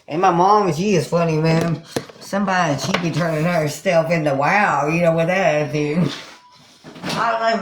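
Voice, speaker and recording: A woman's voice: fairly low pitch, measured pace, long pauses, slight background noise, rough recording. A woman rambling casually to her viewers on a live stream, laughing often. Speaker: livestreamer.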